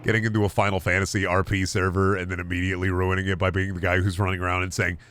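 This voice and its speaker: A man's voice: low-pitched, little pitch movement, very fast, few pauses, a bit bright, slight background noise. A man streaming a game, chatting casually and riffing through absurd comedy bits in a rambling way.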